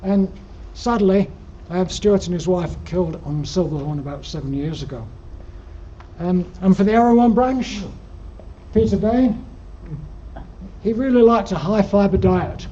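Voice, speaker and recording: A man's voice: high voice, a little slow, warm tone. An older man with a Yorkshire accent giving a rambling, dryly humorous slide-show talk to a club, with plenty of ums, on a dull lo-fi recording. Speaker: guest speaker at alpine club. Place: lecture room. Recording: dull lo-fi recording with faint noise.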